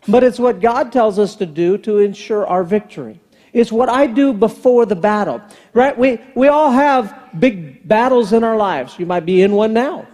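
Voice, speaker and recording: A high-pitched, dark-toned man in his fifties preaches a sermon as a pastor, telling a family story and voicing the dialogue himself. The long reverb of a large church sanctuary hangs over the recording.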